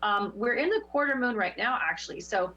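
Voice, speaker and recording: A woman hosting a show as a spiritual teacher, leading a guided meditation with slow repeated affirmations and giving card readings. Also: medium pitch, lively intonation, pushed and bright, lo-fi sound. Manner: soothing, repetitive affirmations.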